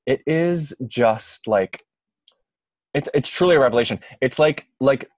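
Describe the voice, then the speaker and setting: A man's voice: mid-range voice, lively intonation, a little slow, dry recording. A man hosting a podcast in casual chat, gushing and full of fillers. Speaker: podcast host.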